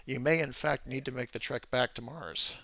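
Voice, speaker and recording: A man voicing the calm, firm male leader of a secret faction on a ship, speaking in a measured, halting way. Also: medium pitch, no echo, dull audio, voice pushed up. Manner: measured, halting, with many fillers.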